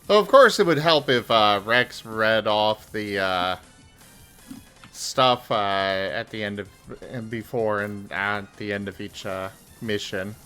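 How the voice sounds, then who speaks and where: A man chatting on a game stream, relaxed and teasing, with many pauses. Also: on the low side, clean tone, faint music behind. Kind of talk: casual stream chat.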